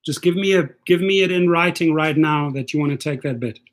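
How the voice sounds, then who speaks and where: A man's voice: a little high, a little fast. Taunting, combative male livestream host. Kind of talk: casual livestream chat.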